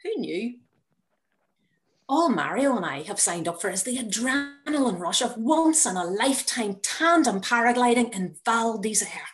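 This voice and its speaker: A woman reading her own personal story aloud in a measured, wry manner. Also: a little high, very animated. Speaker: narrator.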